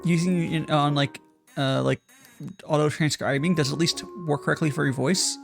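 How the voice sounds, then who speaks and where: A man's voice: on the high side, steady tone, moderate pace, creaky, soft background music. A man hosting a casual chat, rambling and hesitant, often trailing off mid-thought. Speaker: host.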